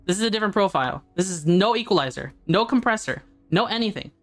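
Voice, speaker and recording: A woman game streamer, a little congested, chatting excitedly with her live chat into a condenser microphone. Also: mid-range voice, quick pace, soft background music.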